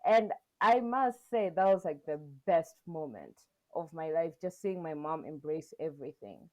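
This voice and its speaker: A young woman co-hosting a podcast, chatting casually and telling her story with animated quotes and frequent laughs. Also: sits low, unhurried. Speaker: podcast co-host.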